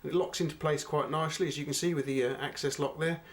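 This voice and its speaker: A man's voice: on the high side, fairly even intonation, fast talker. A middle-aged man, chatting unhurriedly to viewers as he reviews a knife. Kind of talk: casual product review.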